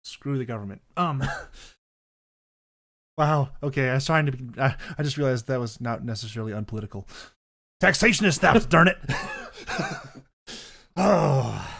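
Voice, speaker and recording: A young man hosting a podcast, chatting casually and rambling, often correcting himself mid-sentence. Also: medium pitch. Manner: rambling, self-correcting, bursts into loud mock voices. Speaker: podcast host. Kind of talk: casual chat on stream.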